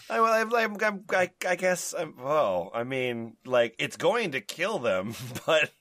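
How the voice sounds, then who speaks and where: A man's voice: fairly high pitch, big pitch swings, slow pace, fairly bright tone, no echo. A man co-hosting a podcast in casual group chat, rambling with many fillers and restarts and laughing often. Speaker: podcast co-host.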